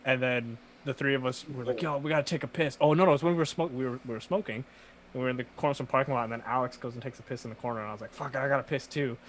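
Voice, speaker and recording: Young man, podcast co-host, casual storytelling, profane, animated, slight background hiss. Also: medium pitch, racing, low-quality recording.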